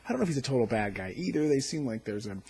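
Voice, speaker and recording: A man hosting a casual video review of a TV episode, recounting scenes excitedly and acting out the quotes. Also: mid-range voice, rapid-fire, husky. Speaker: TV episode reviewer, channel host.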